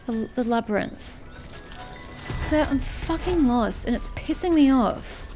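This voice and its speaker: A woman's voice: high-pitched, lively intonation, takes it slowly, over music. A young woman giving casual let's-play commentary, frustrated and swearing as she mutters to herself. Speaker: gaming streamer.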